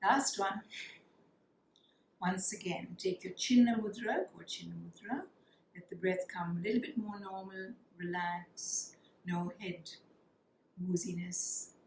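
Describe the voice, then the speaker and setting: A woman teaching a yoga class, guiding breathing practices in a calm, soothing way and counting the breaths. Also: fairly low pitch, slow, pauses often, slight background noise. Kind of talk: guided yoga breathing instruction. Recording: echoey room with faint ambience.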